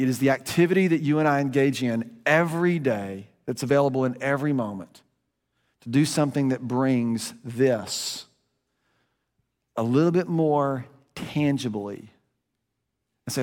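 A pastor delivers a sermon in an easy, conversational way, talking like he's telling a story. His voice sits at an everyday middle pitch, and it climbs high for emphasis then drops low and quiet. The sound carries a long reverb, like a big sanctuary. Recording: long reverb of a large room.

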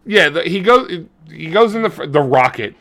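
Bright-voiced man, crude rambling storyteller. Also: on the high side, expressive, normal speed. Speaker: podcast co-host. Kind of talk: casual chat.

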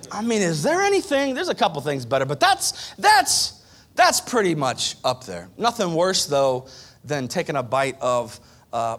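A male pastor delivering a sermon with a somewhat high voice and a very lively, sweeping pitch. He repeats key phrases for emphasis, and he moves from loud, ringing declarations down to hushed near-whispers.

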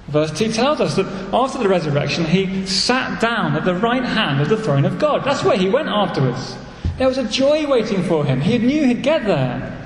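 Animated English preacher in an echoey church. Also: male voice, high-pitched, a little hiss or hum. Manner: earnest, animated preaching with repeated phrases. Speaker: pastor. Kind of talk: sermon. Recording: echoey church hall, faint ambience.

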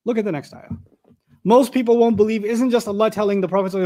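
A man giving a Quran commentary lesson, animated and full of rhetorical questions, reciting Arabic verses between his explanations. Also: sits high, brisk. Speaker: Quran teacher. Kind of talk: tafsir lecture.

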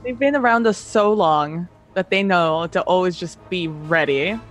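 A woman playing a tabletop game, excitable and quick to laugh and swear. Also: lowish voice, faint music behind. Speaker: player. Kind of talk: casual tabletop play.

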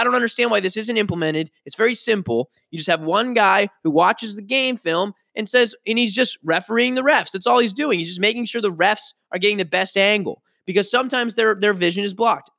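A man's voice: high voice, vocal fry, sharp tone, dry recording, studio quality. A man hosting a solo sports podcast, ranting in a frustrated, emphatic way and often restarting his sentences. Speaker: podcast host.

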